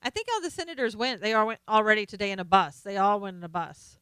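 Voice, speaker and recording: A middle-aged woman hosting a casual live stream, chatting with viewers and reading their comments, excitable, laughing and exclaiming often. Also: medium pitch, quick pace, smooth, dry recording.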